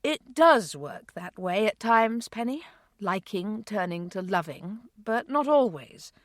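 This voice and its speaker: A kind, patient grown man who speaks gently and reassuringly to a child, as a woman reading an audiobook voices him. The delivery has a lively rise and fall, and the sound is close and dry. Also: mid-range voice, slow, no room sound. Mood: gentle. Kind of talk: audiobook character voice.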